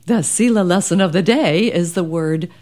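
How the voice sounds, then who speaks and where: Middle-aged woman co-host, warm-pitched low-ish voice, chatty storyteller who laughs easily. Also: moderate pace. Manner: animated storyteller, laughs often. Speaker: podcast co-host. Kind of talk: casual faith chat.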